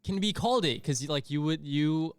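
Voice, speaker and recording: A young co-host in a relaxed podcast chat, speaking hesitantly with halting starts. His voice is smooth and resonant. The sound is dry and close. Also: a little high, dry recording. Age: young adult.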